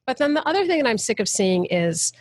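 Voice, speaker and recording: A woman's voice: fairly high pitch, very animated, fast talker, no echo. A woman, a guest actor, talking passionately and emphatically in a casual interview over a video call. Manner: passionate, emphatic, soapbox ranting.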